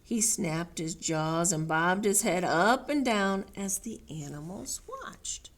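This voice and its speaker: A woman librarian reading a picture book aloud at a children's story time, slow and animated, asking the kids questions. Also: lowish voice.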